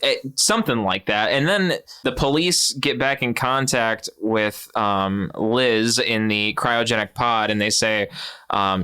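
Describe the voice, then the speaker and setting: A man co-hosting a podcast, retelling a film plot in a chatty, animated way. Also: lowish voice, a little slow, clean tone. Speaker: podcast co-host. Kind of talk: casual film recap chat.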